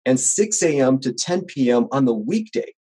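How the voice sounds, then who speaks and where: A man's voice: medium pitch, normal speed, husky, rough recording. A man who runs a small home service business, chatting as a podcast guest and acting out little scenes as he tells them. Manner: animated storyteller, acts out quoted voices. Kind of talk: casual podcast conversation.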